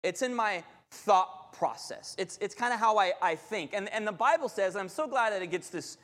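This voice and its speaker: A man's voice: sits high, lively intonation, normal speed, fairly bright tone, long reverb tail. A middle-aged man, preaching a sermon and telling candid, self-deprecating stories with many restarts. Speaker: pastor. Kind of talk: sermon with personal storytelling.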